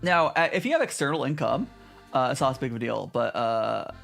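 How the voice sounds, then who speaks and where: Soft music plays faintly as a male VTuber in Japan talks casually with his audience from home. His delivery is brisk, with vocal fry and a lively, bouncing pitch. He's chatty, reading out chat messages and replying with many false starts.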